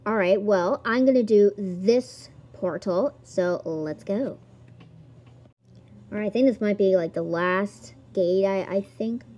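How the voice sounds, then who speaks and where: A woman's voice: mid-range voice, a little mellow, dull audio. A woman giggling and exclaiming as she plays a video game and reads its text aloud. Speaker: gamer. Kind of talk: let's-play commentary.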